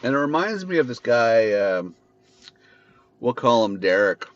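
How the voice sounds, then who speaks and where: This podcast host talks at a measured pace in a very animated, medium-pitched voice. He's in a car, venting bitterly and swearing through an unscripted monologue, and the recording has a dull, lo-fi quality with faint noise.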